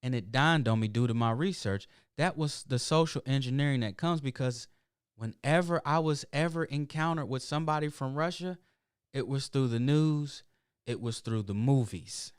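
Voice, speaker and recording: A man's voice: medium pitch, moderate pace, clear, resonant tone, no echo, studio quality. A middle-aged man, hosting his show in a casual, rambling monologue full of emphatic asides. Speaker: show host.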